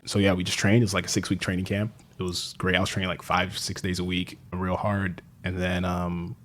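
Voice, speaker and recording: Young dude, slightly deep voice, cursing and laughing through a casual podcast story. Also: male voice, fairly quick, a little hiss or hum. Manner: animated storytelling, swears freely, laughs often. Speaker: podcast guest, fiction writer. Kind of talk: casual conversation.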